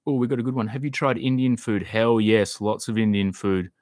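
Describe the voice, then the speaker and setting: A man's voice: lowish voice, brisk, a little mellow, no echo, clean studio sound. A man hosting a live stream, answering viewer comments in a loose, rambling chat and swearing now and then. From Australia.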